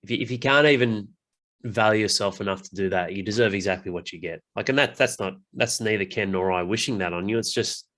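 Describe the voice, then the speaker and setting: A man hosting a casual podcast chat, blunt and animated, swearing freely and mimicking other people. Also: lowish voice, brisk. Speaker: podcast host.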